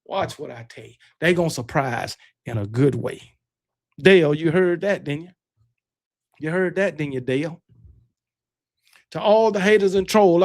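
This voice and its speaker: A man hosting a livestream, chatting casually with viewers, rambling and correcting himself, full of boastful sports banter. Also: a little high. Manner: rambling, self-correcting, talks back to chat. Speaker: livestream host. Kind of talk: casual chat with live viewers.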